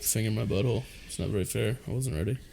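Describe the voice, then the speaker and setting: A man's voice: lowish voice, quick pace, creaky, background noise. A man in his twenties co-hosting a podcast, trading crude stories in casual banter, laughing often and jumping in with short reactions. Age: 20s. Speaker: podcast co-host.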